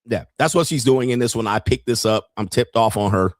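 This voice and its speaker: A podcast host runs a commentary show, reacting bluntly and mockingly with profanity and laughter. His voice is medium-pitched and a little fast, recorded with clean studio sound and no room noise.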